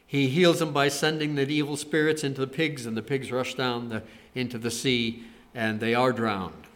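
A man giving a conversational sermon, retelling scripture stories with animated quoted lines. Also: mid-range voice, normal speed. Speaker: preacher.

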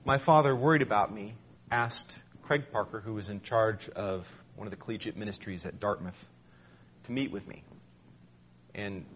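Man in front of an audience telling his own story, wry and self-deprecating, lower voice, faint hum behind. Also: a bit bright. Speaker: speaker sharing a personal testimony. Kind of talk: storytelling talk.

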